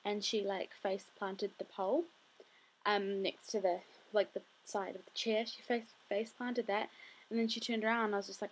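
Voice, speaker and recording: A woman's voice: mid-range voice, brisk. A tired young woman telling a story in a chatty, rambling way with many fillers. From New Zealand. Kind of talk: casual storytelling vlog.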